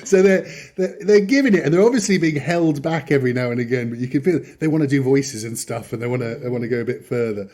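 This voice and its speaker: A man's voice: mid-range voice, expressive, fast, few pauses, a little mellow. A man hosting a podcast in casual chat, rambling and chatty, often chuckling as he talks. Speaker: podcast host.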